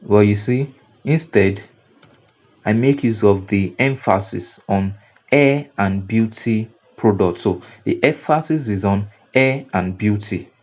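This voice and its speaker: A man's voice: lowish voice, slow pace, a little mellow, lo-fi sound. A man with a Nigerian English accent teaching graphic design over a screen recording, repeating and restarting phrases for emphasis. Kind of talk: screen-recorded software tutorial.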